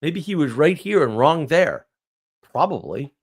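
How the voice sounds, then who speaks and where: Blunt ranting man, lively pitch. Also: measured pace, slightly rough. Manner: rhetorical questions answered himself. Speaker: live stream host. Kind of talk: live stream monologue.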